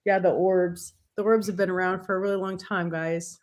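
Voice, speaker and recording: A woman's voice: on the low side, fairly even intonation, a little mellow. Woman co-host chiming in casually. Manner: agreeable, chiming in with quick remarks. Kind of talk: casual radio interview chat.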